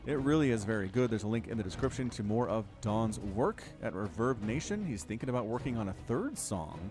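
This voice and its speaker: A man giving solo play-by-play commentary on a strategy game match, chatty and rambling, with self-deprecating jokes. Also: mid-range voice.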